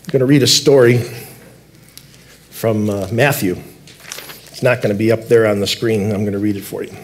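Earnest guy preaching in church, repeats words for emphasis, slows way down on the big points. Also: lowish voice, fairly even intonation. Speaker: lead elder preaching. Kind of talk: sermon. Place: church sanctuary.

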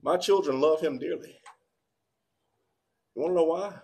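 A man preaching a sermon in a church, moving between quiet, low passages and loud, shouted appeals. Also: normal speed. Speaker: pastor. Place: church sanctuary.

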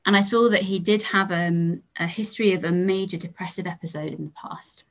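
In a storytelling lecture, a young English woman training as a doctor shares stories from her work. She speaks calmly and at a measured pace in a slightly low voice, her sentence endings trailing off softly.

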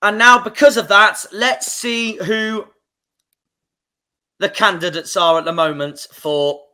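A man's voice: sits high, slow, bright, forceful tone. Angry swearing Cornish man. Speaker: football fan channel host. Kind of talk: emotional livestream reaction.

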